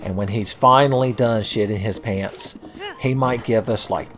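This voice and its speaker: A man's voice: lowish voice, moderate pace, fairly bright tone. Joking, foul-mouthed gaming streamer man. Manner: profane, joking, laughs often. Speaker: let's play host. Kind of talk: casual gaming commentary. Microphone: home mic, close.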